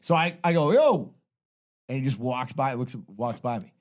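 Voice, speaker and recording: A man's voice: medium pitch, fairly quick. A man hosting a podcast, telling rambling, profane bar stories and laughing through them. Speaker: podcast host. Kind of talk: casual storytelling chat.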